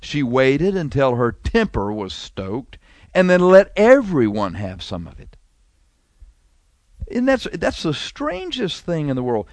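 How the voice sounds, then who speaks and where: A man preaching a sermon, animated, pressing rhetorical questions and drawing phrases out slowly for emphasis. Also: a little high, dry recording.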